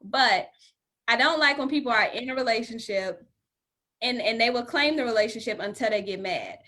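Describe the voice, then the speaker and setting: A woman chatting casually in a bright, fairly high voice. Her pitch moves a lot as she explains things, and she giggles between points. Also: lively intonation, moderate pace. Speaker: podcast co-host, entrepreneur. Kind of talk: casual chat.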